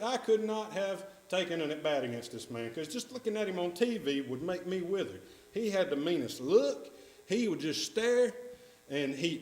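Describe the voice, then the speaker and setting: A man with a Southern US accent preaching a sermon in a church, earnest and repeating key phrases for emphasis. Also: on the high side. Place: church sanctuary. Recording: echoey church room.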